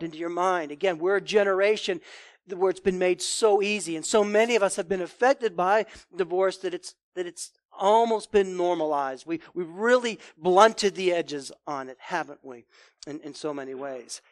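A pastor preaching a sermon and reading scripture, earnest and emphatic on key words. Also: male voice, high-pitched, normal speed, no room sound.

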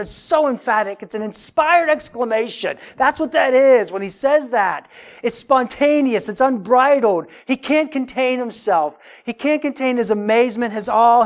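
A woman preaching a sermon in an emphatic, casual way, often repeating her words as she builds a point. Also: a little high.

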